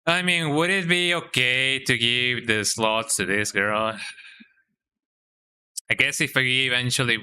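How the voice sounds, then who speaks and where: A man's voice: mid-range voice, a little slow, long pauses, sharp tone, smooth, rough recording. A man streaming a game, playfully reading the characters' lines aloud and tacking a jokey "eh?" onto them. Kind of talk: casual gameplay commentary. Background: game music.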